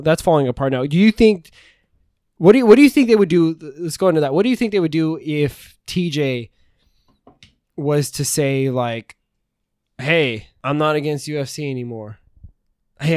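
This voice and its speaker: A man's voice: on the high side, a little mellow, clean tone, no echo, clean studio sound. Rambling, profane man on a podcast. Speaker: podcast co-host. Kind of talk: casual chat.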